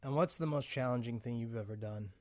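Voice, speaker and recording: A man's voice: mid-range voice, quick pace, darkish tone. A man with a mid-range voice hosts a casual conversation. He asks questions and responds in a friendly, conversational manner. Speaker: interview host. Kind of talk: casual interview chat.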